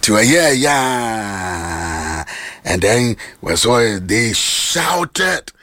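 A Ghanaian man preaching a sermon, shouting and sing-song, repeating phrases over and over. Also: on the low side, sing-song, very slow, no room sound.

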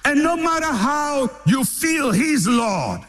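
A pastor preaching with fervor, his voice set very high for a man. He swings his pitch widely, repeats his points, and drives them home with loud, emphatic declarations. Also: sing-song, slow pace, background noise. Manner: impassioned preaching, repeating phrases and building to shouts. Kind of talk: sermon.

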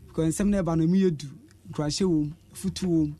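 A man's voice: on the high side, fairly even intonation, racing, dark tone. A Ghanaian man being interviewed as a radio listener, telling his stories animatedly and mixing in English words. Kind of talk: casual interview in Twi.

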